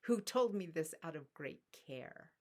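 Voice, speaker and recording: A middle-aged woman telling a personal story in a soft-spoken, reflective spiritual talk. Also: sits low, lively intonation, unhurried. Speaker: spiritual teacher.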